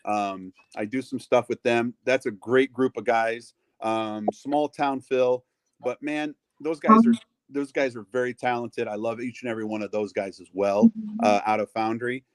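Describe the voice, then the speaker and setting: Middle-aged male ring announcer, mid-pitched, dry close sound, gabby storyteller. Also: steady tone, moderate pace, no room sound. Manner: chatty, acts out quoted voices, lots of fillers. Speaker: wrestling ring announcer, guest. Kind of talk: casual storytelling interview.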